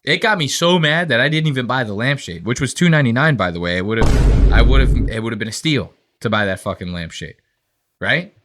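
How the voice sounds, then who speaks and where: A man's voice: mid-range voice, expressive, brisk, fairly bright tone. A man hosting a podcast, telling a profane, ranting story and acting out what people said. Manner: profane, ranting, acts out quotes in voices. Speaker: podcast host. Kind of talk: casual podcast rant.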